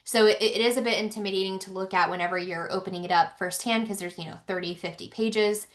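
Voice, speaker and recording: A woman's voice: mid-range voice, steady tone, quick pace. A woman giving a live training webinar, chatty and informal with many ums and restarts, heard through a computer mic.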